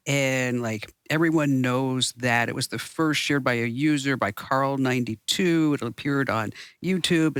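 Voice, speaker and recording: A man's voice: mid-range voice, a bit bright, no room sound, clean studio sound. A man co-hosting a casual podcast, teasing his partner and laughing often. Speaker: co-host.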